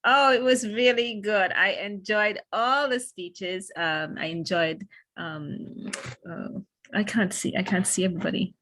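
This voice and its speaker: A woman's voice: medium pitch, fairly even intonation, measured pace, fairly bright tone. A woman gives a casual report on a video call. Her voice sits in an ordinary middle range. She speaks hesitantly, with many restarts and filler words. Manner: hesitant, rambling. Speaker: meeting participant.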